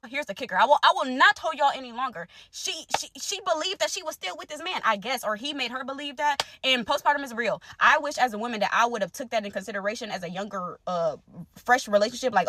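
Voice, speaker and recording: A young woman telling a personal story to her viewers in casual, animated speech, repeating phrases for emphasis. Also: a little high, no room sound. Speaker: storytime creator.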